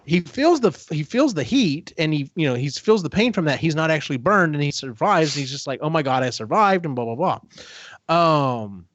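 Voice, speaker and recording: Guy podcast host retelling a book, kinda high voice, dry muffled lo-fi sound. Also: expressive, no room sound. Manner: rambling retelling, quick acted-out quotes. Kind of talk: casual book-club recap. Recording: dull, dry lo-fi podcast audio.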